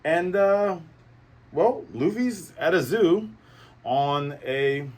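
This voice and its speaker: A man's voice: on the high side, animated, very slow, darkish tone. A man hosting a casual comic chapter review, rambling and playful, speaking to his viewers. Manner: rambling and playful, full of fillers and asides to viewers. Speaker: host of a manga review channel.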